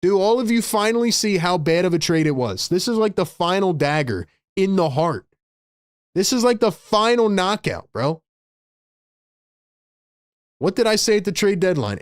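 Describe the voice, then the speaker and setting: A man on a live sports stream rants to his chat in a high, agitated voice, dropping "bro" into nearly every line. The sound is dry and close, with no room around it. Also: no room sound. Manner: frustrated, ranting, says "bro" a lot. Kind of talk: live stream fan rant.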